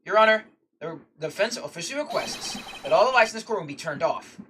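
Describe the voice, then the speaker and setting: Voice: medium pitch, lively intonation, fast, a little hiss or hum, pitched above the performer's own voice, natural voice. A streamer voicing a determined young male defense lawyer in a courtroom game, declaring points emphatically. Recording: distant mic, loud game music.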